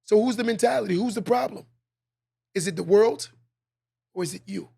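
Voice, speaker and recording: High-voiced, gravelly preachy man. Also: moderate pace, dark tone. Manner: preachy, emphatic, repeats lines for effect. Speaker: podcast host. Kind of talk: motivational monologue.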